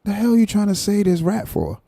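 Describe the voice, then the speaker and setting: A man hosting a live stream, ranting in a mocking, animated way and repeating his points. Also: high-pitched, normal speed, gravelly, husky, no room sound, clean studio sound. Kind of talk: casual commentary rant.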